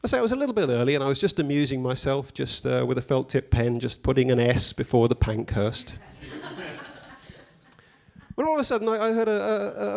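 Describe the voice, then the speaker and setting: Man, stand-up comedy, deadpan, mock-pompous, fairly high voice. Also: gravelly. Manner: deadpan, mock-pompous storytelling with dry asides.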